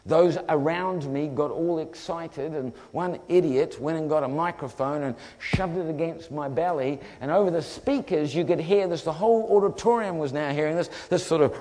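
Kiwi guy preaching, funny storytelling, bit high voice, hall echo all around. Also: moderate pace, few pauses. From New Zealand. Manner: lively storyteller acting out voices. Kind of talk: humorous testimony sermon. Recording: long hall reverb.

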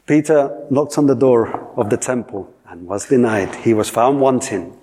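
A male preacher delivers a sermon in a husky, slightly breathy voice. He repeats key lines for weight and keeps putting questions to his listeners. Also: mid-range voice, unhurried, mellow. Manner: repetitive, emphatic, asks the audience questions.

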